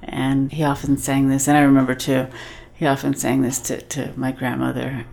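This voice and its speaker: Low, gravelly woman telling a family memory. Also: monotone, normal speed. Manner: reminiscing warmly about family. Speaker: guest on the show. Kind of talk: personal remembrance.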